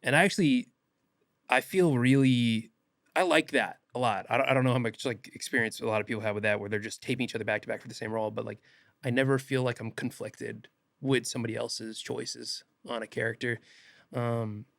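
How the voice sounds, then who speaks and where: A young man, an actor guest on a podcast, telling stories in a casual animated way and acting out quotes. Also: mid-range voice, fairly quick, gravelly, dry recording, studio quality. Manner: animated, laughs often, acts out quotes. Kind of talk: casual podcast interview storytelling.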